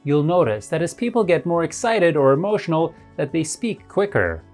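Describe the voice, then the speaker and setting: A woman teaching English in a recorded lesson, explaining clearly and step by step. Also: sits low, very animated, normal speed, darkish tone, faint music behind.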